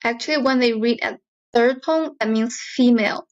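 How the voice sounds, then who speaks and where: A woman teaching Mandarin pronunciation with a Mandarin Chinese accent, saying each syllable slowly and repeating it for learners. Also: a little high, muffled recording. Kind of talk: slow pronunciation drill lesson.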